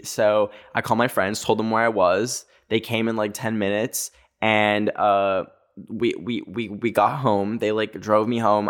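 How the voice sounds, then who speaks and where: Young guy in his twenties, casual storytime vlog, chatty, rambling, filler-heavy. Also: on the low side. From Canada. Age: 20s. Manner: rambling, animated, full of filler "like".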